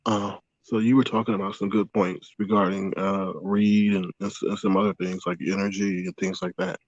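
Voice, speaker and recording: Low-voiced man on dull, dry lo-fi audio. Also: level tone, no echo. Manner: measured, lays out his points one by one. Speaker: guest from the chat. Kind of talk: casual live-stream chat.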